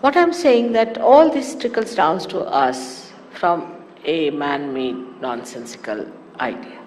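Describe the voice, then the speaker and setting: A woman giving a spiritual talk to followers, animated and teasing with amused asides. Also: deep voice, slow pace. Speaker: spiritual teacher. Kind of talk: sermon-style spiritual talk. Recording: echoey hall with faint hiss, archive 1989 tape.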